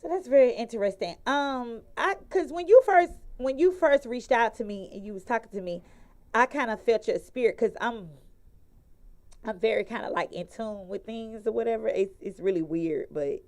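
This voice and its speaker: Chatty female talk-show host, higher voice. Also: animated, normal speed, a little mellow. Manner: chatty, loose, laughs easily. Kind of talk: casual live interview.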